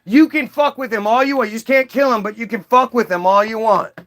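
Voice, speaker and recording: A man's voice: extremely high pitch, fairly quick, fairly bright tone. A man doing a giddy, boastful God. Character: boastful, needy male God, giddy and vain.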